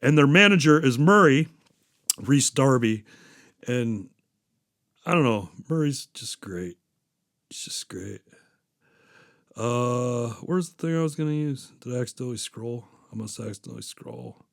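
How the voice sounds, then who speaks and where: A man's voice: medium pitch, animated, normal speed, gravelly, fairly bright tone, no echo, studio quality. A man hosting a podcast, chatting casually and going off on profane tangents with small chuckles. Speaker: podcast host. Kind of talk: casual rambling chat.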